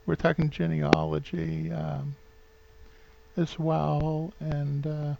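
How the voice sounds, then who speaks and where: A man's voice: fairly high pitch, completely flat delivery, slow pace, vocal fry, darkish tone, lo-fi sound. A man in his fifties with a New England accent rambles sentimentally through a home vlog, full of fillers and restarts. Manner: sentimental, gets openly emotional. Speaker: vlogger.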